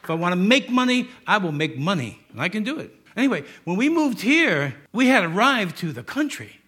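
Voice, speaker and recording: A man's voice: high voice, sing-song, fairly quick, fairly bright tone, slight background noise. A middle-aged man with a New York accent, a pastor preaching a sermon in a joking, conversational way with asides.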